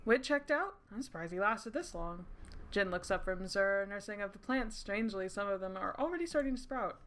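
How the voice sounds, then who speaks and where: A woman streaming a story game, reading its lines aloud and reacting with animated, giggly, casual chatter. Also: medium pitch, brisk. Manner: giggly, animated, swears casually, breaks into laughter.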